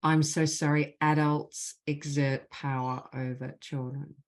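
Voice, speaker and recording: A woman leading a spiritual group call over video, slowly and deliberately speaking repeated healing phrases. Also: low-pitched, little pitch movement. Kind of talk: guided clearing session with spoken healing phrases.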